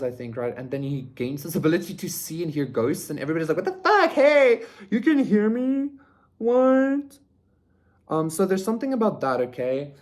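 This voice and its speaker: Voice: mid-range voice, mellow. Rambling casual tarot reader. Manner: rambling, many "like" and "okay?" tags, swears freely. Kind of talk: casual pick-a-card tarot reading.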